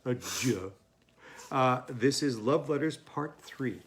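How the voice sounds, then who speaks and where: A man's voice: medium pitch, measured pace, noisy background. A man hosting a home play reading, introducing it casually and hesitantly. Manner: hesitant, many fillers. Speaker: host.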